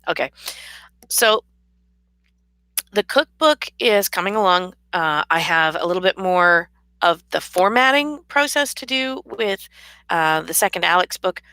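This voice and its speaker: A woman's voice: lowish voice, expressive, unhurried, sharp tone, dry recording. A tired woman chatting casually to her camera in a rambling, laughing way. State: tired, yawning. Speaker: vlogger and author. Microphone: camera mic.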